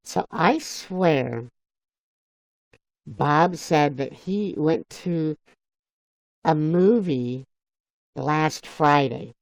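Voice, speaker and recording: A man's voice: a little high, extremely slow, creaky, long pauses, dry recording, low-quality recording. A man on a live stream, chatting casually, laughing often and reading viewers' comments aloud. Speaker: livestreamer.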